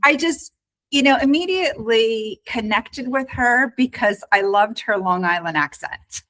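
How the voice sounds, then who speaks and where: A woman's voice: a little high, animated, a bit bright, poor audio. Woman hosting a chill podcast on a video call, laughs a bunch, lots of uhs. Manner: chatty, laughs often, halting with fillers. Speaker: podcast host. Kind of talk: casual podcast chat.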